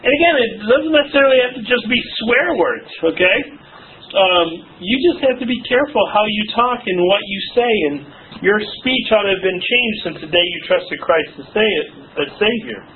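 High-voiced joking man teaching a Bible class. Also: animated, normal speed. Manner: joking, chatty, asks the class questions, frequent "okay?" and "you know". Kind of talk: church Bible study lesson. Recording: tinny lo-fi recording with faint hiss.

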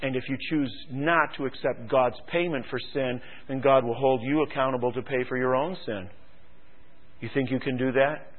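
A man preaching a sermon, swinging from quiet musing to loud, fervent exhortation and firing rhetorical questions at the congregation. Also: mid-range voice, normal speed. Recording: tinny phone-like radio broadcast.

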